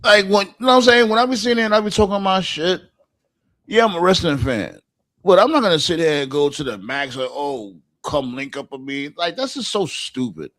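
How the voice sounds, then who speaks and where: Animated, high-pitched ranting man. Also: fairly quick. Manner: profane, animated ranting with slang. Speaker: podcast co-host. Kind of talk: casual chat.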